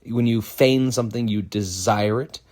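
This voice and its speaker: A man, a former teacher and actor, explaining a Shakespeare scene in a casual, lively way and reading lines of verse aloud slowly. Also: lowish voice. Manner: lively, talks to the listener as a friend, reads verse aloud slowly.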